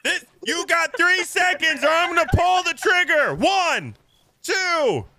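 A man's voice: very high voice, sing-song, takes it slowly, pushed and bright, a little hiss or hum. A man hosting a playful pirate role-play, making theatrical mock threats. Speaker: host.

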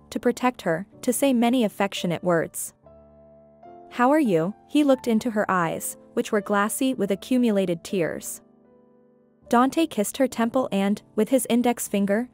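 A woman narrating a scripted story in an even, measured way. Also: medium pitch.

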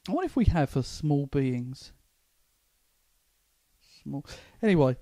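A man's voice: fairly high pitch, very animated, unhurried, warm tone, no echo. A young man with a London accent, co-hosting a comedy podcast, telling stories in a rambling way full of restarts. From England. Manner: rambling storyteller, stumbles and restarts. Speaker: podcast co-host. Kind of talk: casual comedy chat.

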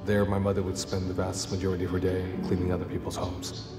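A man's voice: sits low, completely flat delivery, fast talker, roomy sound, music in the background. A man in a campaign ad, earnestly telling his personal story. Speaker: political candidate in an ad. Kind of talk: campaign ad speech.

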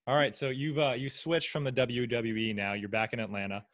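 A man hosting a casual interview, asking relaxed, easygoing questions. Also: medium pitch, brisk. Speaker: interview host.

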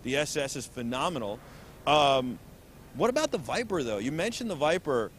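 A man's voice: medium pitch, big pitch swings, moderate pace, fairly bright tone, slight background noise. A man hosting an auto show interview, talking eagerly and animatedly and often repeating words. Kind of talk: enthusiastic interview. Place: busy convention hall booth.

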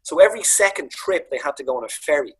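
Husky Dublin man telling stories. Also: on the high side, fast, poor audio. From Ireland. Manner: animated anecdotes, acts out voices, swears freely. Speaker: comedian guest. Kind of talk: casual storytelling on a video call. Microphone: video call. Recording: video call audio.

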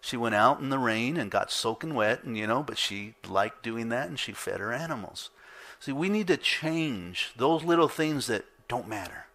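Middle-aged man, pastor, sermon delivery, lively storytelling, bright tone. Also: medium pitch, moderate pace. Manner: animated storytelling, acting out his own reactions with laughs. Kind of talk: sermon with personal stories. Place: church.

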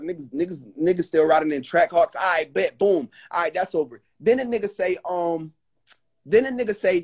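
Phoning into a livestream over a live video call, a young guest relates a heated story, stumbling into restarts again and again in an agitated, profane manner. He speaks briskly in a husky voice that sits high.

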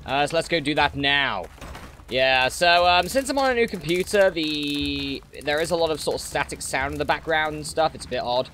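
A man's voice: a little high, moderate pace, pushed and bright, a little hiss or hum. A man casually commenting on his gameplay in a chatty, playful way, talking at enemies as he goes, recorded on a desktop mic at home. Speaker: gaming channel host. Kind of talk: let's play commentary. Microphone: desktop mic with noise suppression.

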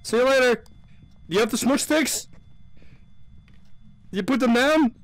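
A man's voice: very high-pitched, measured pace, no echo. A man streaming a horror game with friends, swearing a lot, laughing and panicking. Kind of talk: casual gameplay chat with friends.

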